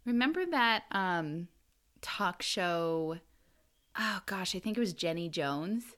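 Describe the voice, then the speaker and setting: Bright-voiced giggly woman podcaster. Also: lowish voice, lively intonation, takes it slowly. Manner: chatty, giggly, self-deprecating. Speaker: podcast co-host presenting the episode research. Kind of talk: casual podcast chat.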